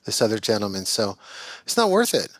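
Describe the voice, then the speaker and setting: A man in his sixties, a guest on a podcast, recalling anecdotes in a relaxed, casual conversation. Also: on the low side, fairly quick, no echo. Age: 60s. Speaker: podcast guest, recruiting executive.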